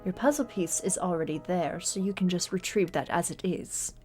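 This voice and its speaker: A woman voicing a mysterious deity who bargains in a hushed, slow, partly whispered voice. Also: on the low side, soft background music, close to an everyday voice. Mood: solemn.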